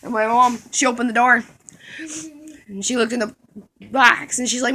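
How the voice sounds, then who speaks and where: A woman's voice: on the high side, flat delivery, moderate pace, sharp tone. A woman telling a comic story from her school days, rambling along and giggling at her own jokes.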